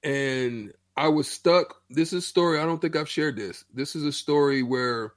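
A middle-aged man spins a story from his playing days in a loose, animated way, full of slang. His voice sits a little high. The sound is dry and close. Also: moderate pace, no room sound. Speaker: former pro basketball player, show regular. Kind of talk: casual storytelling chat.

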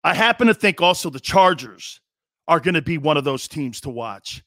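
A man's voice: on the high side, sing-song, moderate pace, pushed and bright, dry recording. A middle-aged man hosting a sports talk radio show, delivering a blunt, emphatic monologue. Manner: emphatic, blunt, acts out quoted players. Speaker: host.

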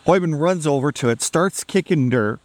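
A man's voice: fairly high pitch, animated, normal speed, no room sound. A man casually telling a funny story on a podcast, amused and laid-back, acting out what people said.

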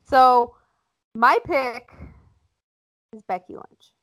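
A woman co-hosting a casual chat, blunt and animated, acting out quotes as she talks. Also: high-pitched, extremely slow, dry recording, rough recording. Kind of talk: casual chat about wrestling.

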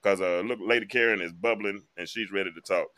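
A man hosting a live online talk show talks a little fast in a fairly low, sharp-toned voice. He's chatty and emphatic, delivering casual commentary straight to his audience.

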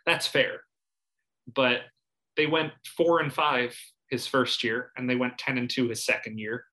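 Bright-voiced man talking college football. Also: medium pitch, unhurried, poor audio. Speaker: sports podcast host. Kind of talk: casual sports talk.

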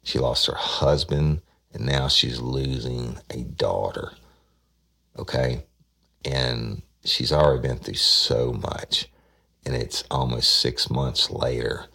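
A man tells a police story in a loose, casual way. His voice is extremely low, with a heavy gravelly fry and a husky edge. He acts out the lines of the people in his story as he goes. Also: fairly even intonation, slow, bright, forceful tone. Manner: retells dialogue, acting out quoted voices. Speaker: detective recounting a case.

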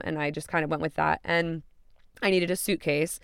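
A woman in her twenties hosts a podcast and tells a personal story candidly, with free swearing and acted-out quotes. She talks at a quick pace in a deep, steady, smooth voice with vocal fry, captured in clean studio sound with no room sound.

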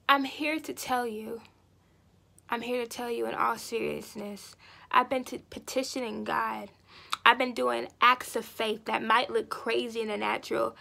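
A high-voiced woman gives an intense testimony of faith. She moves between hushed whispers and sudden loud, pleading bursts. Her tone has a gravelly edge. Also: steady tone, moderate pace. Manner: intense, pleading, drops to whispers then swells. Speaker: caller giving a testimony. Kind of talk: fervent spoken testimony.

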